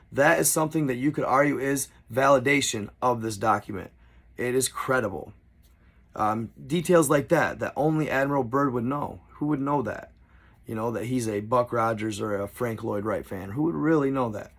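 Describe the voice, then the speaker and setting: Gravelly-voiced man reading and commenting. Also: mid-range voice, moderate pace, fairly bright tone. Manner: conversational, stops to explain and comment on the text. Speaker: storyteller. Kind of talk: reading a diary aloud with casual commentary.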